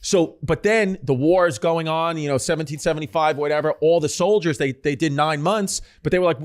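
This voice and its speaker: A man's voice: fairly high pitch, brisk, hardly any pauses. A man co-hosting a comedy podcast, rambling through a story in casual, profane chat and saying "dude" a lot. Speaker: podcast co-host.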